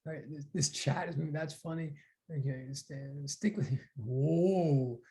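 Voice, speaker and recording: A man's voice: on the high side, unhurried. A man teaching a physics class online, talking casually and animatedly, often reacting to the class chat. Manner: chatty, animated, reads chat aloud.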